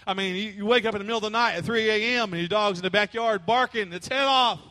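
A man's voice: high-pitched, fast, bright, forceful tone. A man preaching a sermon as pastor, emphatic and call-and-response, with playful asides.

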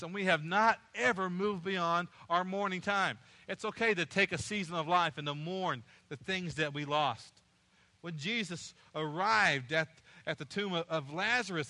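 A man's voice: sits high, pushed and bright. A male pastor preaching a sermon, repeating key phrases and rising in passion as he goes.

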